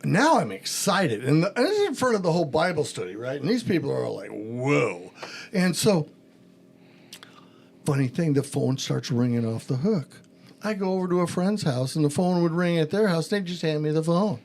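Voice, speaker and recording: A man's voice: on the high side, big pitch swings, normal speed, gravelly, darkish tone. A middle-aged man, a pastor hosting a podcast, telling a story in a casual chat and acting out the phone calls in it.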